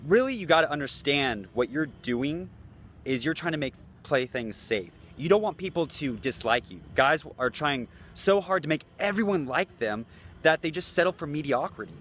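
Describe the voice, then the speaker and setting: A man's voice: a little high, lively intonation, normal speed, fairly bright tone, a little hiss or hum. A man talking as a dating coach in a loose, blunt, casual way, swearing freely. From United States. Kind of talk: casual talking-head vlog.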